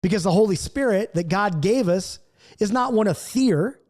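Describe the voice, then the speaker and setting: A middle-aged man leads a recorded Bible study with an earnest, coaching manner, hammering home his points through repetition. His voice is notably high for a man, a little mellow, and animated, at a normal speed.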